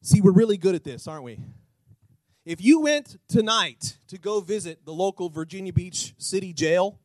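A man pastor preaching a sermon, animated, asking the congregation rhetorical questions and acting out little scenes. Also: high-pitched, moderate pace, no echo, low-quality recording.

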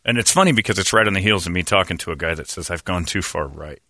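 A male radio host in loose, joking banter, slightly low-pitched with a bright, forward tone. He talks with wry asides close on a dry studio mic, no room sound at all. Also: fast talker, no echo. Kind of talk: casual banter.

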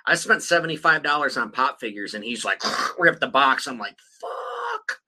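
A man's voice: mid-range voice, lively intonation, brisk, pushed and bright, poor audio. A man in his thirties hosting a podcast, rambling in casual chat with heavy swearing. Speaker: podcast host.

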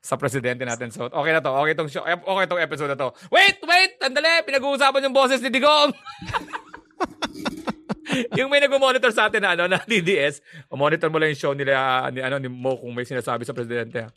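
A man co-hosting a casual podcast, talking excitedly and teasing in Tagalog. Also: mid-range voice, rapid-fire, no echo. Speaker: podcast co-host. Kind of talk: casual banter.

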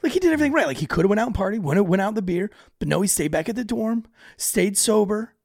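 Gravelly, blunt young man on a podcast. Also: sits high, expressive, fast, a little mellow, no echo, clean studio sound. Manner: blunt, profane storytelling with many restarts. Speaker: podcast co-host. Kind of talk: casual chat.

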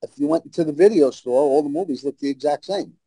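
Brash New York man, mellow voice. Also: a little high, fast, no echo, rough recording. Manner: brash, blunt anecdotal storyteller. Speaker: guest. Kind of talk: casual storytelling.

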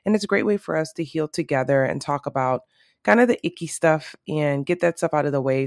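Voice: mid-range voice, no room sound, clean studio sound. A podcast host in a morning voice, talking casually and loosely to listeners with many fillers and restarts. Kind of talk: casual solo podcast talk.

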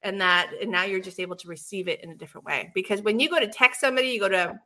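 Woman, bright voice, co-host, casual chat, animated storytelling. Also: mid-range voice, racing. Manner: animated storyteller, swings loud and soft.

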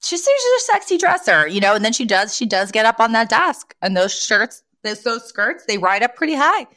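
A woman co-hosting a podcast in casual chat, recapping a sitcom episode in an animated, giggly way. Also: on the high side, a little fast. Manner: animated, giggly, acts out characters in her retelling. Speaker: podcast co-host.

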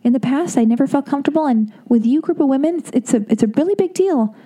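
In a high voice and at a fast clip, a woman in her thirties rambles casually. She's animated and keeps interrupting herself, stuttering and restarting as she gets worked up. She imitates others with acted voices when quoting them.

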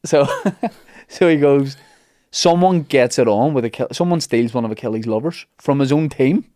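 Mellow man telling a myth. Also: medium pitch, moderate pace, no echo, studio quality. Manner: rambling, jokey, full of asides and restarts. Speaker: podcast host telling a myth. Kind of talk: casual comic storytelling.

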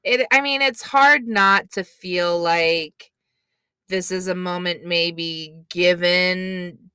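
Woman co-host, unhurried and blunt, bright, close dry sound. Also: on the low side, clean tone, dry recording. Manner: blunt, sweary. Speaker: podcast co-host. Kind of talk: casual recap chat.

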